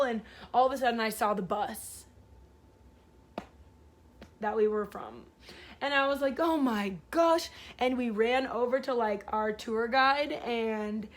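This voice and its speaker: A woman's voice: on the high side, unhurried. A woman vlogger telling a story in a casual, rambling way, full of fillers. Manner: rambling, filler-heavy, animated retelling.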